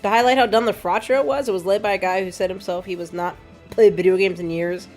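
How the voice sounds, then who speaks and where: A woman's voice: medium pitch, steady tone, fast talker, a little mellow, faint music behind. A woman streaming a game, chatting casually and sarcastically as she plays, laughing often and sounding tired. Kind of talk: casual live-stream chat while playing.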